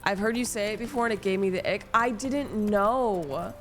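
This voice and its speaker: A young woman streams a game and chats with her viewers. She rambles through her stories with plenty of fillers and laughs at herself, her voice sitting at an ordinary middle pitch. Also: steady tone, very fast, soft background music. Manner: rambling, self-deprecating, lots of fillers. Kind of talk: casual chat while gaming.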